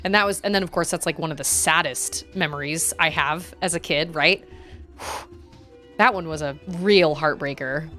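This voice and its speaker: A woman's voice: low-pitched, moderate pace, pushed and bright, soft background music. A woman streaming a game, chatting casually and animatedly, laughing often and gasping at surprises. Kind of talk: casual gameplay chat.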